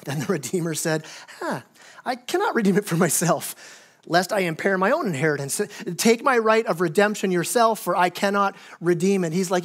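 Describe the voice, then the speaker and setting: High-voiced animated male preacher. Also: a little fast. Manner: animated storytelling with acted-out quotes and self-repeats. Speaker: pastor. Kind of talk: sermon. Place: church sanctuary.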